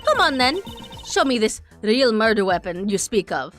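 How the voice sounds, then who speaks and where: A woman voicing a haughty, sharp-tongued young female prosecutor who speaks in indignant, snappy bursts. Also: fairly high pitch, very animated, moderate pace, faint music behind. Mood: scornful.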